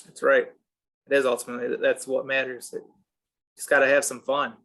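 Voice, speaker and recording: A man's voice: medium pitch, completely flat delivery, brisk, fairly bright tone. Upbeat man moderating game chat. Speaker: discussion host asking questions. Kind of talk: casual group discussion.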